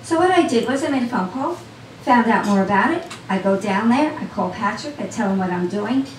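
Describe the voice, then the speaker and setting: A woman's voice: fairly high pitch, lively intonation, fairly quick, slight background noise. Woman telling her own story live, keeps talking to the crowd, picked up from a distance in a roomy room. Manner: chatty, talks straight to the audience. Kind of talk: personal storytelling to a live audience. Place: small cafe event. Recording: roomy sound from a distant mic.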